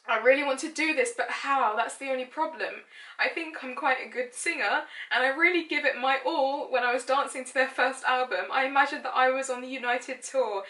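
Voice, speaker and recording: Her high, bright voice is brisk and forceful as this late-twenties lifestyle blogger reads her childhood diary aloud. She's chatty and self-mocking, giggling at times, and the recording comes from a distant mic in an echoey room.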